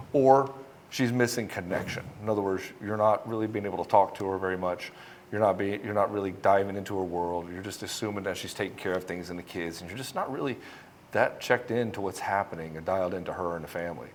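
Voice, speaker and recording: A man's voice: on the low side, a little hiss or hum. Blunt, profane male relationship coach. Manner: mocks men by mimicking them. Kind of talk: direct-to-camera coaching talk.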